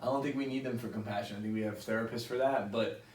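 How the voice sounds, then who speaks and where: A man's voice: lowish voice, fairly even intonation, fast, darkish tone. Profane, joking man in a roomy room. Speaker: podcast host. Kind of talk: casual chat. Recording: roomy, distant mic.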